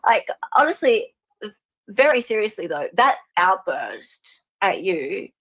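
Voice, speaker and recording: A woman's voice: medium pitch, very animated, takes it slowly, a bit bright, slightly rough, no room sound. A woman guest on a gossip livestream, chatting in an earnest way with many fillers. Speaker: guest co-host. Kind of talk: casual chat.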